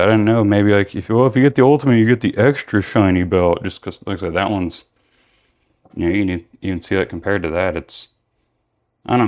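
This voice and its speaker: A man with a slightly low voice talks through a toy unboxing in a loose, rambling way. He sounds tired, filling gaps with "like" and correcting himself as he goes. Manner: rambling, filler-heavy, self-correcting. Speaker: toy reviewer. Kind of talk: casual unboxing vlog.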